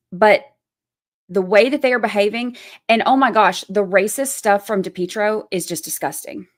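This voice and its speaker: This is a woman hosting a livestream with heated, hard-edged commentary. She speaks bluntly and swears freely. She hammers her points home by saying them twice, in a voice of ordinary middle pitch. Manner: blunt, profane, repeats her points for emphasis. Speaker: channel host.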